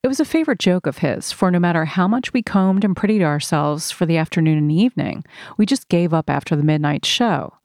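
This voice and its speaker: A woman reading a first-person memoir aloud in a measured, earnest storytelling manner. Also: lowish voice, animated, darkish tone, no room sound, studio quality. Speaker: narrator.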